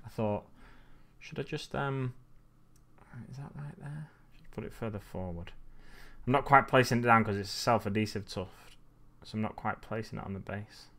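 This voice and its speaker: A man's voice: on the low side, moderate pace, long pauses, a bit bright. A man chatting casually to his viewers as he places tufts on a model base, often muttering to himself. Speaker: hobby streamer. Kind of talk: casual chat while crafting.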